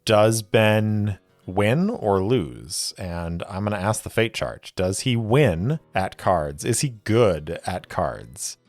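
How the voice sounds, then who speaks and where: Low, slow-talking male game master. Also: lively intonation, a little mellow, no echo. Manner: measured, deliberate storytelling. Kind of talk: solo tabletop role-play narration. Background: faint music.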